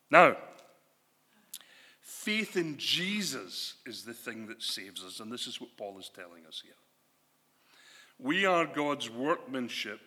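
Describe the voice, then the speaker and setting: A man preaching a sermon, animated and conversational, asking his listeners questions. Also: medium pitch. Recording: long hall reverb.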